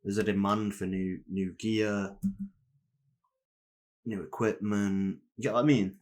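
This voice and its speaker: A man's voice: on the low side, little pitch movement, measured pace, darkish tone. A young man co-hosting a podcast in casual chat, rambling and slangy, swearing freely. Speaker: podcast co-host.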